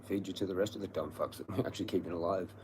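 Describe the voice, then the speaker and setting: A man's voice: low-pitched, fairly even intonation, racing, noisy background. A man ranting angrily and profanely on a livestream, repeating himself. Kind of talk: angry livestream rant.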